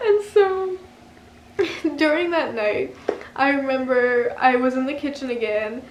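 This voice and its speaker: A high-voiced young woman talks slowly and giggles her way through a casual vlog story. The room sounds echoey, with a faint hiss under her voice. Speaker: vlogger.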